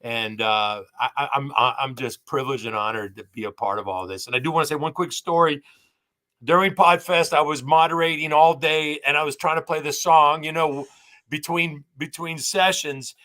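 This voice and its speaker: A man in his sixties speaking as a guest on a live show, halting and repeating words as he gives a heartfelt, teary tribute. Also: fairly high pitch, sharp tone. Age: 60s. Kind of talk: emotional casual tribute.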